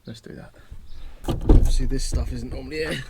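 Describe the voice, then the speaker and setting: Inside his campervan parked at home, a man chats casually while working, showing off his bed and cooking setup and poking fun at himself. His medium-pitched voice is steady and creaky at a moderate pace, under heavy background noise.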